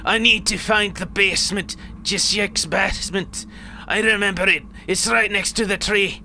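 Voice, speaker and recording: A man's voice: high-pitched, steady tone, normal speed, creaky, sharp tone, slight background noise, pitched above the performer's own voice, exaggerated voice. A man voicing a bitter, rambling old man in a wheelchair who rants and swears crudely. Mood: urgent.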